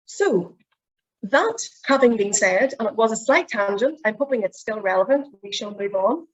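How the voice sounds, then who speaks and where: A woman's voice: medium pitch, lively intonation, moderate pace, husky, lo-fi sound. A middle-aged woman with a Northern Irish accent, running a presentation skills workshop in a chatty, explaining way. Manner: chatty, explains with demonstrations of voice habits. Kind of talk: online workshop teaching.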